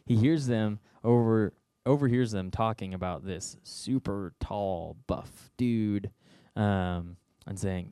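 A young man delivering a casual sermon to a youth group. His storytelling is joking and conversational. His voice sits on the low side, and the recording is dry and close. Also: slow pace, warm tone, clean tone, dry recording. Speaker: youth speaker.

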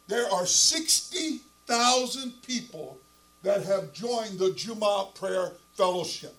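An older man preaches to a congregation and slides into storytelling. He stresses points by repeating them and turns to the pastor with asides. His voice sits fairly high for a man. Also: a little slow, poor audio. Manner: emphatic, repetitive, addresses the pastor. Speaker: guest preacher. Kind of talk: sermon with storytelling.

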